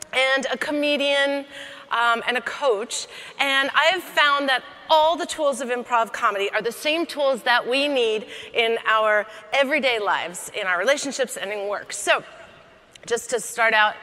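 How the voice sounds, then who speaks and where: A woman giving a comedic keynote talk on stage, chatty and lively, laughing between lines. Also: on the high side. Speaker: keynote speaker. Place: large hall on stage. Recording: echoey hall reverb.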